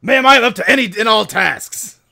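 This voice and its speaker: A man's voice: sits high, lively intonation, fairly quick, gravelly, pushed and bright, voice pushed up, full character voice. A man voicing Rex, an earnest, eager male soldier dog who answers in a clipped military way. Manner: clipped military "ma'am" replies.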